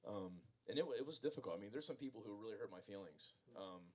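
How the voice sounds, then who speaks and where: A man's voice: fairly low pitch, animated, quick pace, pushed and bright. A man in his thirties telling a casual, self-deprecating story to an audience at a bookstore event, with many fillers and restarts. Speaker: author speaking at a book event.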